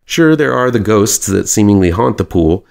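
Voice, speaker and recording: Brief: deep, gravelly man, sarcastic film reviewer, dry delivery. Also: lively intonation, normal speed, a little mellow. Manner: dry, mocking. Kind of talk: sarcastic movie review monologue.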